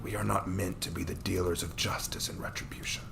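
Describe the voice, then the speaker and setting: A man voicing a calm, stern, weary wandering man who speaks softly and measuredly, sometimes in a whisper, in a read-aloud fantasy story. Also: low voice, vocal fry, a little hiss or hum, exaggerated voice. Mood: gentle. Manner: soft, measured, often whispered.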